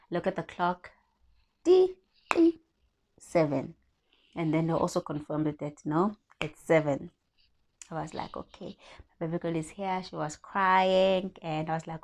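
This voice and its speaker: Lively South African woman telling a story. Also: lowish voice. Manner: lively, animated, acts out dialogue. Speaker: vlogger. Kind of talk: casual storytime chat.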